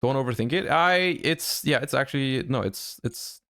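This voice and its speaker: A man streaming a card game live, thinking his plays through out loud, with sudden excited outbursts. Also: medium pitch, moderate pace, dry recording, clean studio sound. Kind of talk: live-stream gameplay commentary.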